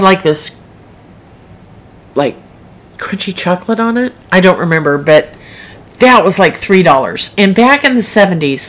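A middle-aged woman author hosting a live broadcast, chatting frankly and rambling into asides with her viewers. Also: medium pitch. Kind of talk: casual livestream chat.

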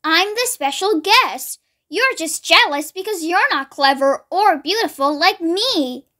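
A young woman reading a vain, boastful male zebra in a slow, self-satisfied way for a storybook. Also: extremely high pitch, expressive, bright, forceful tone, full character voice.

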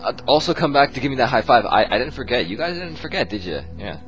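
A man's voice: mid-range voice, sing-song, fast, fairly bright tone. A young man talks through his gameplay in a rambling, goofy manner, addressing his viewers directly. His mid-range voice swings up and down a lot as he jokes. Game music plays faintly beneath him. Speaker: gaming video host. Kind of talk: let's play commentary.

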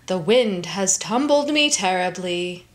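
A woman's voice: lowish voice, animated, slow, pitched below the performer's own voice. A woman voicing a polite snowy owl in a storybook read-aloud, speaking in an elaborately courteous way. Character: gentle snowy owl asking politely for shelter.

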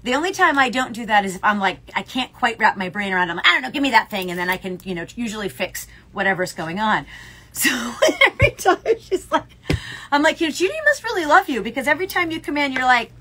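A woman's voice: fairly high pitch, animated, fast, pushed and bright, slight background noise. A middle-aged woman co-hosting a casual chat, telling stories animatedly and laughing often. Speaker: podcast co-host, yarn shop owner.

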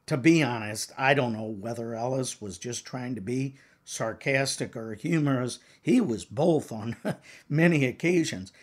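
Older male professor, husky, slow and deliberate, emphatic teaching delivery. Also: medium pitch. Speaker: counseling exam prep author and professor. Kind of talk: lecture to exam takers.

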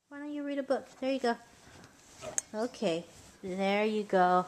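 A woman's voice: on the high side, takes it slowly, long pauses, darkish tone, a little hiss or hum. A young mother coaxing her toddler in playful, sing-song baby talk at home.

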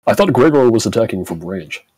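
A man's voice: on the low side, sing-song, fairly quick, crowd noise. A man playing a tabletop game, thinking aloud about his moves and asking to sort out who is where. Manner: thinks aloud, asks questions to sort out positions. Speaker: player.

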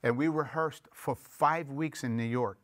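A man's voice: mid-range voice, a little slow, dry recording. A man, a film director, telling stories in an interview in a reflective way and acting out quoted voices. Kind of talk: storytelling interview.

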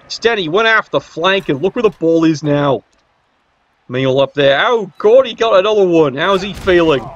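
A man's voice: on the high side, expressive, moderate pace, highs cut off. Cheeky man commentating a game. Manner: cheeky, sarcastic banter. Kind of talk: casual play-by-play commentary.

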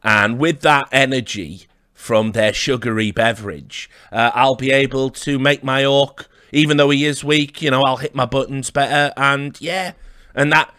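A man's voice: medium pitch, fairly even intonation, normal speed, bright, forceful tone, clean tone, no echo. A man hosting a livestream, mocking and rambling in a dry, sardonic way with chuckles. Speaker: livestream host.

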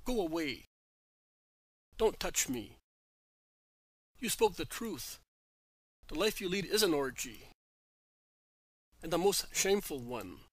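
A man's voice: a little high, big pitch swings, slow, pauses often, fairly bright tone, husky, dry recording, heavily acted. A man voicing a dignified woman who speaks with firm, earnest resolve in a read-aloud storybook. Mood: resolute.

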